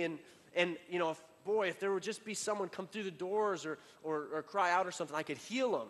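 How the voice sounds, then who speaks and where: A man preaching a sermon in a casual, conversational way, full of fillers and restarts, building up and then dropping to a quiet emphasis. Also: sits high, brisk, big-room sound. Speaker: pastor.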